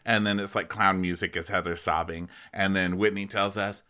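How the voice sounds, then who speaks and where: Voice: low-pitched, steady tone, fairly quick, hardly any pauses, pushed and bright. A podcast co-host recapping a reality show with blunt, profane jokes. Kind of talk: comedic recap chat.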